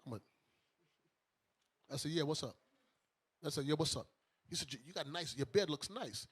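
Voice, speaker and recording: A man from Brooklyn hosting a talk show, telling a story casually in an animated, joking way. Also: a little high, moderate pace, slightly rough. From Brooklyn, New York. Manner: animated, joking, often laughs mid-story. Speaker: host and bishop.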